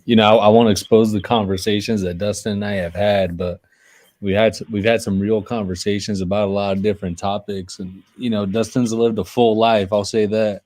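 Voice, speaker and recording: Co-host, man, lowish voice, laid-back teasing banter with repeated restarts. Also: level tone, fairly quick, darkish tone, dry recording. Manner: easygoing, teasing, stammering restarts. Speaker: podcast co-host. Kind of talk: casual chat.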